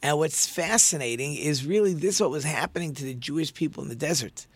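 A man's voice: a little high, fairly quick, husky, no echo. A man telling a story in a conversational sermon, with many fillers and restarts.

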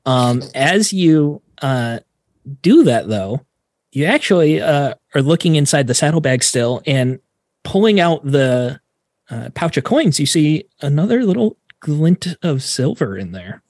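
A man narrating as game master in a tabletop game, in a relaxed, chatty way with plenty of fillers. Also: a little high, measured pace, no echo, clean studio sound.

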